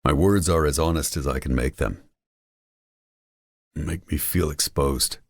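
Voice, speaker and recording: A man narrating a first-person romance audiobook in a brooding, intense, measured way. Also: extremely low pitch, no room sound, studio quality.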